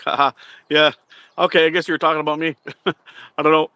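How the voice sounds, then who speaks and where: A man's voice: on the high side, flat delivery, brisk, bright, forceful tone, clear, resonant tone, dry recording. A man chatting on a live stream who laughs often and hesitates with many "uh"s. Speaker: livestream co-host. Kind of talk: casual live chat.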